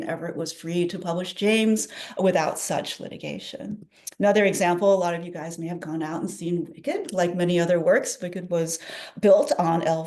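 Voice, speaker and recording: A woman gives an enthusiastic presentation at a celebration event, her voice slightly low. She talks in a lively way and leans on "uh" and "um" as she goes. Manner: animated, enthusiastic, with frequent fillers. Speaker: presenter at a public domain celebration. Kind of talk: presentation talk.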